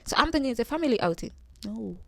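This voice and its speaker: Animated young woman telling a story. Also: on the high side, quick pace, creaky, dry recording. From Tanzania. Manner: animated, acts out quoted voices. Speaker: vlogger. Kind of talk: humorous storytelling.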